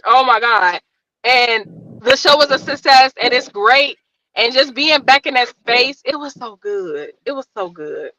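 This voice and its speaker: A woman comedian with a high, bright voice, chatting as a guest on a podcast. She tells her stories in an animated, profane way. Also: unhurried, rough recording. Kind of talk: casual podcast chat, storytelling.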